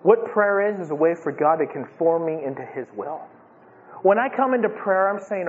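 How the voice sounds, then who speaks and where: A man's voice: fairly high pitch, animated, moderate pace, a little hiss or hum. A man preaching an expository sermon, impassioned and building to emphatic peaks. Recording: lo-fi with long reverb.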